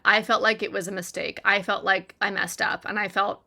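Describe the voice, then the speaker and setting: A woman's voice: medium pitch, fairly even intonation, fairly quick, creaky, hardly any pauses, bright, forceful tone. A woman telling a heartfelt personal story to her audience in an earnest, conversational way, with lots of "like" and "right?". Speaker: recovery content creator.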